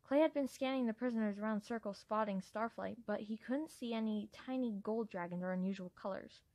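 A woman's voice: mid-range voice, fairly quick, a little mellow, no room sound. A woman reading a novel aloud as a fan narrator, in a plain voice that sometimes stumbles over words. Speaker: fan reader. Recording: dry home recording.

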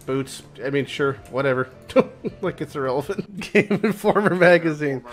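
A man streaming a video game who comments excitedly and swears at rare loot. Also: a little high, normal speed, faint music behind. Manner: excitable, swears often, shouts in surprise. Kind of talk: gameplay commentary.

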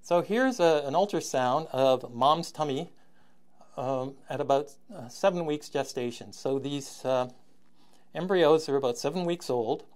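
Halting man lecturing, throat clearing. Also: fairly high pitch. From Canada. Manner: halting, many ums and uhs, frequent throat clearing; wry, sardonic asides. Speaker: university lecturer. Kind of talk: recorded lecture.

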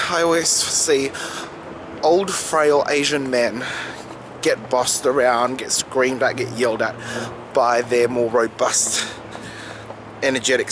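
Excitable, chatty young man. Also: medium pitch. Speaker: vlogger. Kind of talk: casual vlog chat. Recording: noisy background.

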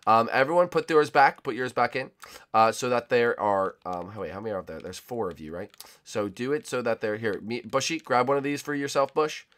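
Speaking a little fast in a mid-range voice, a young gaming YouTuber with a sore throat offers playful commentary on hide-and-seek with friends. He's jokey and excitable, often shouting and laughing.

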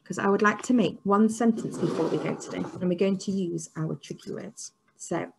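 A woman teacher leading an online phonics lesson for young children, sounding out letters slowly and praising with excitement. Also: medium pitch, gravelly, noisy background. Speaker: early years teacher.

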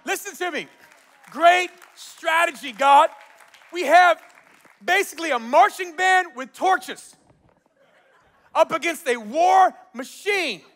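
A man preaching a sermon as pastor, telling stories with acted-out quotes and frequent laughter. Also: extremely high pitch. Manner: animated storytelling, acts out quotes, laughs often. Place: large church auditorium.

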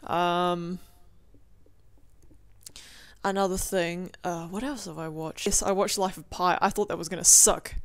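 A woman's voice: lowish voice, level tone, a little slow, long pauses, no room sound. A young woman in a casual video diary, rambling and swearing freely with lots of "like" and "you know", recorded at home. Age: young adult. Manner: rambling, profane, filler-heavy with lots of "like". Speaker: vlogger.

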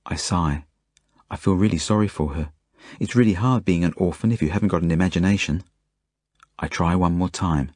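An Australian man narrates his own novel as an audiobook, in the first person. His voice is low and husky, and the delivery is plain and earnest. The sound is dry and close. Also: brisk, a little mellow, no room sound.

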